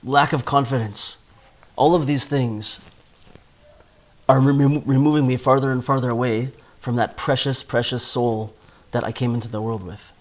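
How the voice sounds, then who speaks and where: A man's voice: medium pitch, steady tone, moderate pace. A man giving a spoken Torah class in an earnest way, often repeating words as he builds a point. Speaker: Torah teacher.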